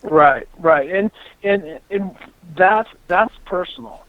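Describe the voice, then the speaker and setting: A man hosting a casual chat, telling animated stories and swearing freely. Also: sits high, slow, no echo, narrow, tinny audio. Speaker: podcast host, former racer.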